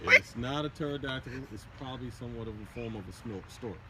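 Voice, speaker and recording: A man's voice: mid-range voice, quick pace. A man off camera who teases and jokes with the vlogger outdoors. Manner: teasing, dry joking banter. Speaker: companion behind the camera. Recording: far from mic, loud outdoor noise.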